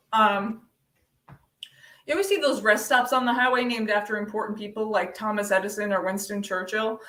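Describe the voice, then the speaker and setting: A young woman doing a deadpan stand-up set over a video call, with many ums. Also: mid-range voice, normal speed, long pauses. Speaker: stand-up comedian. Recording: echoey room, distant from mic.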